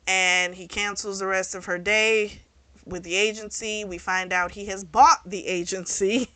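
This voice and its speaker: A woman's voice: medium pitch, steady tone, measured pace, pushed and bright, no room sound. A woman hosting a book review channel, chattily recapping a romance novel's plot and slipping into the characters' quoted lines. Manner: chatty retelling with quoted dialogue.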